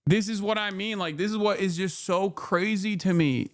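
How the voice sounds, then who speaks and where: A man's voice: high-pitched, normal speed, no echo, studio quality. A man in his thirties streaming political reaction commentary, ranting in profane, incredulous bursts. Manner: incredulous, profane, emphatic rants.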